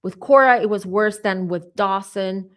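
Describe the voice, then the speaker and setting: A woman's voice: medium pitch, measured pace. Emotional woman giving a psychic reading. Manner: emotional, conversational, many fillers and asides. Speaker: tarot reader.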